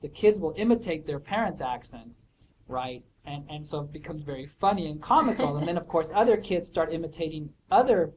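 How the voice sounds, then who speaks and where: A man's voice: a little high, animated, brisk, a little mellow, a little hiss or hum, low-quality recording. A man answering student questions in a casual academic way, thoughtful and hesitant, with many fillers and restarts. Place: office hour recording.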